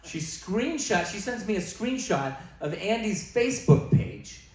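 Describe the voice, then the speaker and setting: With crowd noise around him in an echoey comedy venue, a high-voiced Canadian man speaks in an unhurried, sing-song way. His stand-up set is one long story, with text messages performed in a range of voices.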